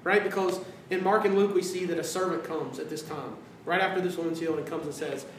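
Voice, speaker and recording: A pastor delivers his sermon with animated swings, acting out quoted voices and falling to hushed tones. His voice sits high for a man. It carries through a roomy church sanctuary from a little distance, with a faint room hum behind. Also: quick pace, hardly any pauses.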